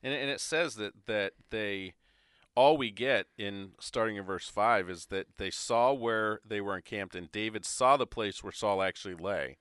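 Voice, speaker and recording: A man's voice: on the low side, normal speed, fairly bright tone, clear, resonant tone, no room sound, clean studio sound. A man co-hosting a podcast, talking through a Bible passage in a casual, easygoing way and reading verses aloud. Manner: reads scripture aloud, easygoing and chatty. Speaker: podcast co-host. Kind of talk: casual Bible study chat.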